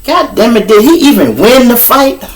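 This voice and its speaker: A man voicing an excitable, profane male police officer in a raised, animated voice. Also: normal speed. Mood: worked up. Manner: high-pitched, animated, profane.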